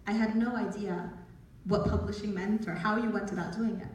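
A woman in her forties giving a storytelling talk as an author, lively and acting out the voices she quotes. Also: medium pitch, normal speed. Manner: lively, acts out quoted voices, laughs often. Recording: echoey hall, speaker from far off.

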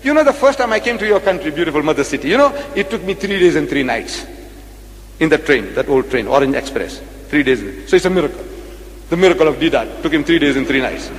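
Animated man lecturing in a hall. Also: fairly high pitch, quick pace. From South Africa. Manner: rhetorical, repeats phrases, questions the audience. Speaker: religious lecturer. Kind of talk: public religious debate lecture.

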